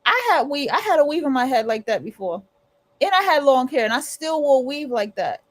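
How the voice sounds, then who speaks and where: A woman's voice: high voice, sing-song, a little fast. A woman hosting a livestream, talking casually and rambling with restarts and blunt, profane asides. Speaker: livestream host.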